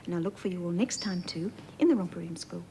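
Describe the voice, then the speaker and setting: An Australian woman hosting a children's TV show, reading a storybook aloud and talking gently to young viewers in a sing-song way. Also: fairly low pitch, fast talker, loud music behind the voice, poor audio. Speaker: children's TV host.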